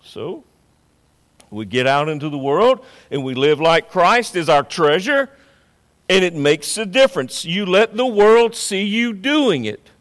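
A man's voice: high voice, animated, measured pace, a bit bright, long reverb tail. A man preaching a sermon as pastor, emphatic and repetitive, swelling and dropping in intensity.

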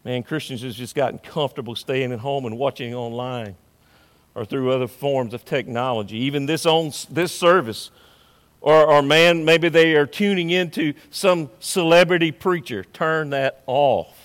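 A man preaching a sermon as pastor in a church, emphatic, swinging between loud declarations and hushed asides. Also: medium pitch, normal speed. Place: church sanctuary.

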